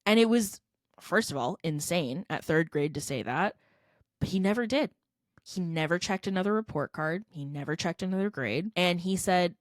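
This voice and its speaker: Earnest low-voiced woman telling her story. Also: animated, normal speed, no echo, studio quality. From California, United States. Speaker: guest, edtech company founder. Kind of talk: personal storytelling in a podcast interview.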